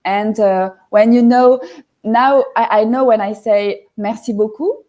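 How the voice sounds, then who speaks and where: French-accented woman, mellow and hesitant. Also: on the high side, steady tone, unhurried. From France. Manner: hesitant, searching for words, many restarts. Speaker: guest. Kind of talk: casual interview chat.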